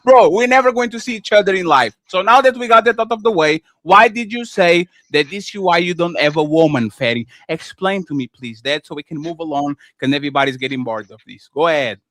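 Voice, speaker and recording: A man's voice: on the high side, a little fast, hardly any pauses, fairly bright tone, no echo. A man co-hosting a live audio-room talk, repeating himself, cutting in and scolding with exasperation. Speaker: co-host.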